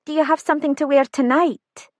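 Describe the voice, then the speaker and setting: A woman voicing a brisk, polite young female hotel receptionist with a Scottish accent touched with Irish, in an audiobook. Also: high voice, steady tone, dry recording, studio quality, voice pushed up, natural voice. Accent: Scottish with a trace of Irish.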